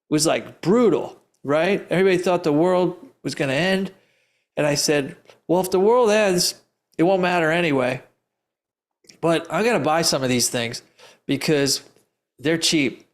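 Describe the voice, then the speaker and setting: A man who teaches investing, answering audience questions live in an emphatic, rambling storytelling way, often laughing. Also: sits high. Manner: rambling, restarts sentences often. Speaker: investing educator.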